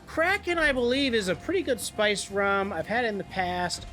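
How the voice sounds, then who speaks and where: Brief: young male streamer, rambling jokey chatter, bright, lively, faint music behind. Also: high-pitched, moderate pace. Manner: rambling, joking, swears freely. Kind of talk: casual gaming livestream chat.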